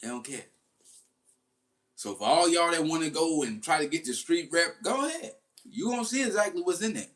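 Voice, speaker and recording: Slangy male commentator, casual and animated. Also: fairly high pitch, a little fast. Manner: slangy, animated storytelling with laughs. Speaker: commentary host.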